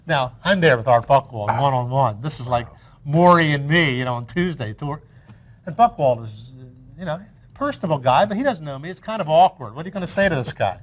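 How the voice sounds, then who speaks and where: A man's voice: a little high, animated, brisk. An older man who is the guest in an interview, reminiscing in a chatty storytelling way with frequent restarts.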